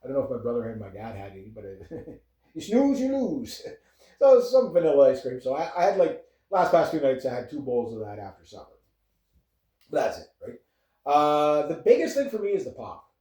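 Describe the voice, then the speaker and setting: Canadian man, 50s, mellow voice, rambling casual vlog, echoey room. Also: medium pitch, big pitch swings, moderate pace. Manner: laid-back, chuckles often, rambling. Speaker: vlogger. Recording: echoey room, far from the mic.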